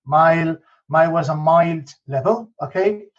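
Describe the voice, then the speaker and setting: Chatty and Spanish-accented, this guest from Spain speaks slowly in a slightly high voice, restarting a lot and dropping "okay?" and "you know" as he tells stories in a casual podcast interview. The recording is dull and lo-fi.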